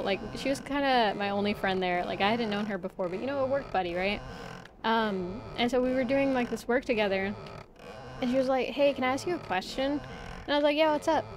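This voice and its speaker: A young woman streaming a game, chatting casually in a rambling way, reading chat aloud and laughing often. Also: mid-range voice. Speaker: VTuber streamer. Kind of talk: casual live-stream chat while gaming. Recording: steady audible background noise.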